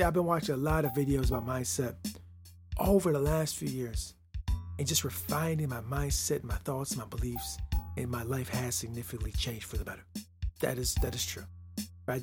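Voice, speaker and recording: Swinging from quiet asides to loud emphasis, a male podcast host delivers motivation straight to his listener, often adding "right?" to the end of a line. His pitch is fairly high.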